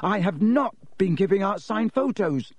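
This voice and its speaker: A man's voice: on the high side, big pitch swings, moderate pace, a little mellow, no room sound. A man voicing an indignant young schoolboy who speaks hotly. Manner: hot-tempered.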